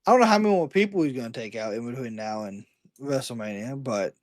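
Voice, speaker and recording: A man in easygoing podcast chat about wrestling, tossing in short agreeing replies and the odd prediction. His pitch is ordinary for a man, and the sound is dry and close. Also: animated, fast, no room sound.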